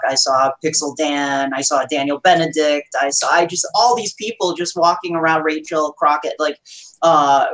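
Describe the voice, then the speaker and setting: A woman's voice: low voice, fairly bright tone, poor audio. A woman guest on a podcast, chatting casually with plenty of fillers and restarts. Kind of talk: casual chat.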